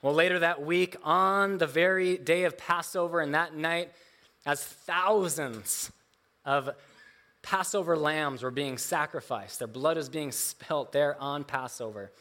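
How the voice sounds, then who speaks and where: A man's voice: fairly high pitch, sharp tone. A man preaching a sermon, reading scripture and explaining it earnestly, with emphatic rises and frequent restarts. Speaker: pastor.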